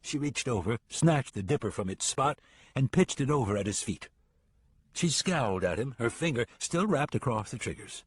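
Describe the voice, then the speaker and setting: Low, husky male audiobook narrator. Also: animated, normal speed, no echo.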